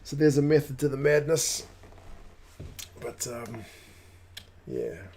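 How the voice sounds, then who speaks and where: A man's voice: medium pitch, lively intonation, slow pace, darkish tone, slight background noise. A man hosting a live rugby watch-along, chatting casually, rambling and greeting viewers by name. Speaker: rugby channel host.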